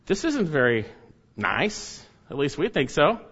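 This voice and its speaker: A man preaching a sermon, stressing key words loudly and dropping to quiet, low asides. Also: very animated, a little slow, slightly rough, highs cut off. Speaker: pastor.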